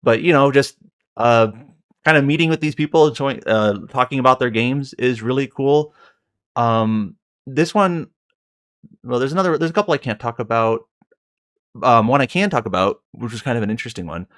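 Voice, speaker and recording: Podcast guy rambling along, lots of likes and restarts, average pitch. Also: expressive, moderate pace, a bit bright. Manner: rambling, heavy on fillers and self-corrections. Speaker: podcast co-host. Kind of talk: casual podcast chat.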